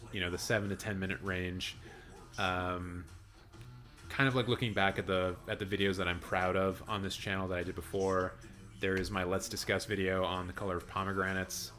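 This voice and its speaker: A man with a deep, raspy, hoarse voice, chatting casually and rambling a little as he live-streams his reactions to an awards show on a good mic. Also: a bit bright. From Canada. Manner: chatty, rambling, with fillers and restarts. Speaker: film channel live streamer. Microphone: good studio mic.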